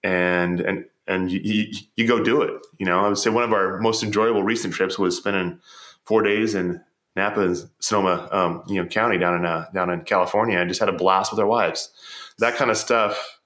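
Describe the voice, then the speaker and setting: A man's voice: low-pitched, steady tone, a little fast, fairly bright tone, reverberant. A man telling stories as a podcast guest, earnest and reflective, often repeating words as he starts a thought. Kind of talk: storytelling in conversation.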